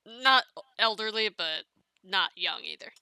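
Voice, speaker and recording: A woman talks through a casting call for a fan comic dub in a loose, chatty way. Her voice is very bright and smooth. It sits close and dry, with no room sound. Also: mid-range voice, lively intonation, a little slow, no room sound. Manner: chatty, loose, with small restarts and fillers. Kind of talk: casual casting call walkthrough.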